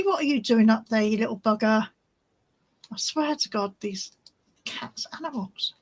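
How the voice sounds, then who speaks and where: A woman's voice: medium pitch, slight background noise, low-quality recording. A woman hosting a crafting vlog, chatting casually and easily distracted while she shows her resin swatches. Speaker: crafting channel host.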